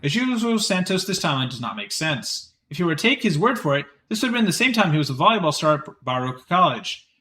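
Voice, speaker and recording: A man's voice: a little high, big pitch swings, sharp tone. A man streaming live, reading an article aloud and breaking off for casual, chatty asides. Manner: quick chatty reading with many fillers and restarts.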